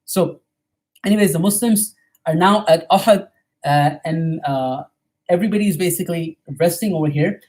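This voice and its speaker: A man giving a storytelling history lecture at a mosque, retelling events quickly and often checking in with "right?". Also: on the high side, darkish tone.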